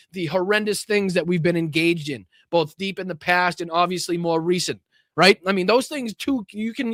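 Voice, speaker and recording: Brief: high-pitched New man, sarcastic profane political ranter, laughing a lot. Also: a bit bright, no room sound, clean studio sound. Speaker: host of a political commentary stream. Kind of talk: live political rant.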